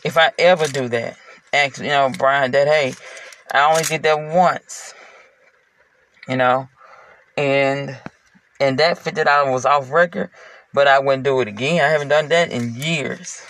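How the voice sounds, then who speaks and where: A man's voice: mid-range voice, fairly even intonation, a little slow, pauses often, a bit bright. A man talking to his partner from inside a car, in a heartfelt, rambling personal monologue full of fillers. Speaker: parent speaking to a partner.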